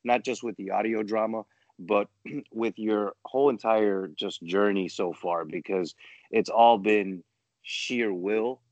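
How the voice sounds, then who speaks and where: A man hosting an interview, talking casually and enthusiastically, praising his guest with halting starts and fillers. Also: fairly low pitch, a little mellow, no room sound, lo-fi sound. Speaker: podcast host.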